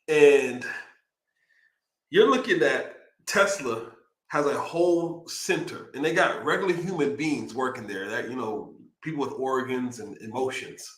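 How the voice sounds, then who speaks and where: Excitable man hosting a live stream. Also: mid-range voice, a little slow, reverberant. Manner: loose and rambling, excitable. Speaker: live show host. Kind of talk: casual livestream talk. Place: home streaming setup near Austin, Texas.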